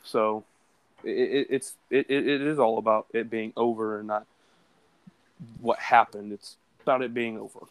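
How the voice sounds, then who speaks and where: A man's voice: lowish voice, steady tone, moderate pace, clear, resonant tone, dry recording. A young man co-hosting a casual podcast chat, talking earnestly and rambling with fillers. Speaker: podcast co-host.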